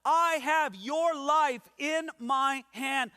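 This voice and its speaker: A man's voice: very high-pitched, normal speed, bright, forceful tone, pitched above the performer's own voice. A man voicing a domineering, exasperated male Roman governor, insistent and stammering over his words. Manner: pleading, insistent, stammering repeats. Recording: long hall reverb.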